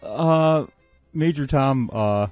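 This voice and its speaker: A man's voice: medium pitch, very slow, darkish tone, no room sound, highs cut off, faint music behind. A man co-hosting a livestream in casual chat, joking and laughing a lot. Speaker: livestream co-host.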